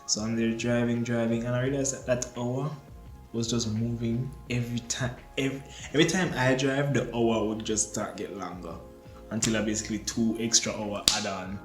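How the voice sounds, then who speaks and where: A man's voice: medium pitch, level tone, normal speed. A young man telling a storytime vlog, animatedly acting out his own panicked reactions. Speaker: storyteller vlogger. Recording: echoey room with faint music.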